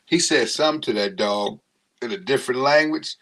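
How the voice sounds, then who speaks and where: A man's voice: medium pitch, a little fast, a bit bright. A man telling stories in a casual chat, acting out the people he quotes. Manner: acts out quotes in funny voices.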